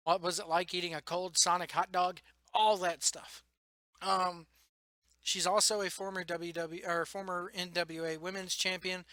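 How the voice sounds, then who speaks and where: A young man rambling excitedly about wrestling news in a casual vlog, tired late at night and laughing often. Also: high-pitched, no room sound. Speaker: wrestling vlogger. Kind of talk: casual solo commentary.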